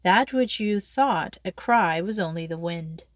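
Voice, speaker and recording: Woman doing a stern older dad, low and firm, dry close sound. Voiced by a woman reading the story aloud, he brushes off his daughter's pleas with quiet authority. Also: expressive, measured pace, dry recording. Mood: dismissive. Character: stern cautious father, older lighthouse keeper.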